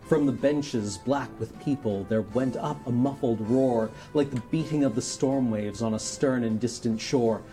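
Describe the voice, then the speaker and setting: A man's voice: mid-range voice, moderate pace, hardly any pauses, mellow, soft background music. A man giving a dramatic poetry reading in a mock radio announcer delivery. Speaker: charity stream performer.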